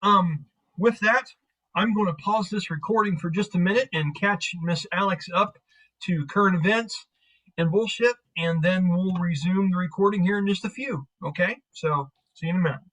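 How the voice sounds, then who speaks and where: Male game master, casual and rambling, voice on the high side. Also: moderate pace, a bit bright, poor audio. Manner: casual, rambling with many fillers. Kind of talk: narrating a tabletop game.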